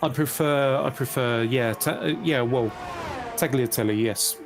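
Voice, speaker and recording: A man co-commentating a sim racing league live, relaxed and jokey in his banter. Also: medium pitch, unhurried, over music. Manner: laid-back, jokey banter. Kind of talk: casual live race commentary.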